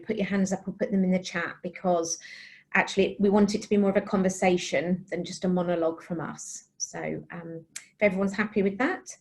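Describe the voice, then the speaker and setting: A woman's voice: medium pitch, darkish tone. Woman, workshop host, polite, organised, video call sound. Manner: polite, organised, lightly apologetic. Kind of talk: online workshop presentation.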